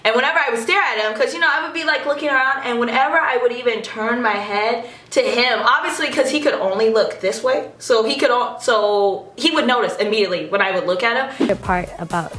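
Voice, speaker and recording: A woman's voice: on the high side, a little fast, hardly any pauses, echoey room. Giggly young woman telling a story. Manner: animated and giggly, lots of fillers. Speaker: vlogger. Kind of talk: excited storytime chat.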